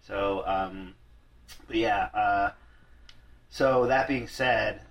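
A man's voice: fairly low pitch, extremely slow, creaky, fairly bright tone, muffled recording. Rambling, profane man hosting a chat. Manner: rambling, profane, self-deprecating. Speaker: podcast host. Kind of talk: casual chat.

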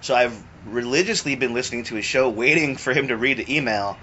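A man's voice: mid-range voice, brisk, bright, forceful tone. A man hosting a podcast, chatting and joking crudely with his friend on a back patio. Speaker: podcast host. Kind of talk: casual banter. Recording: dull lo-fi recording with faint noise.

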